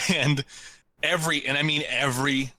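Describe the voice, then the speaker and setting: A man co-hosting a podcast, telling a story in a casual, animated way and acting out what people said. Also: on the high side. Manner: animated, laughs while telling stories, acts out quotes. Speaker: podcast co-host.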